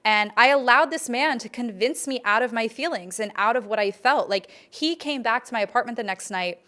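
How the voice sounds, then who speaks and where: A woman's voice: fairly high pitch, fairly quick, sharp tone. A young adult woman hosting a podcast, telling a personal story in a candid, emphatic way and swearing freely. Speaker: podcast host.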